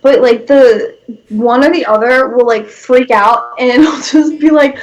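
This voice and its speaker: A young woman chatting casually and quickly, padding her sentences with fillers and small laughs. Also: sits high, fairly even intonation, dull audio. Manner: fast, filler-heavy, giggly. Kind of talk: casual chat.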